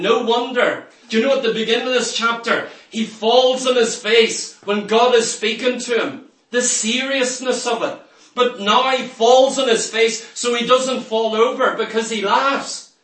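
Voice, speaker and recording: High, bright-voiced man preaching. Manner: emphatic, storytelling, acts out quoted lines. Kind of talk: sermon. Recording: roomy echo, from far off the mic.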